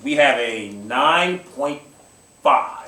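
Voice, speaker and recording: A man's voice: mid-range voice, animated, extremely slow, recorded from a distance. A man hosting a live poetry slam, reading scores and hyping the crowd with jokes. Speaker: slam host. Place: museum event space with live audience. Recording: echoey room from afar, loud noise.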